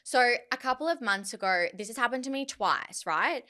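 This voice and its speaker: A woman in her thirties with an Australian accent, telling an animated, indignant story as a podcast co-host in casual chat. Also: fairly high pitch, moderate pace.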